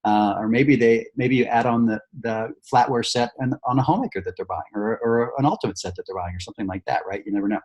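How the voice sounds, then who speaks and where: A man with a slightly husky voice leads a sales training session. He switches between coaching his team and acting out a pitch to a customer. His delivery is upbeat and encouraging, full of fillers and restarts. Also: quick pace, few pauses, a little mellow.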